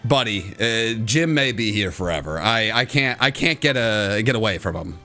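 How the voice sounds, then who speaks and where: A man's voice: lowish voice, normal speed. Young guy joking around over a game, voice swinging all over, faint music underneath. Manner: playful, jokey, excitable reactions. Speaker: co-host of a gaming channel. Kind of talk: casual gaming chat.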